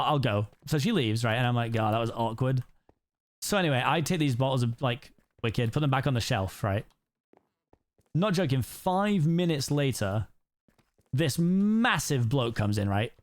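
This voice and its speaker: A British man streaming, chatting casually while he plays and telling rambling stories from his life. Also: on the high side. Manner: rambling storyteller, peppers talk with "like" and "right?". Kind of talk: casual chat while playing a game.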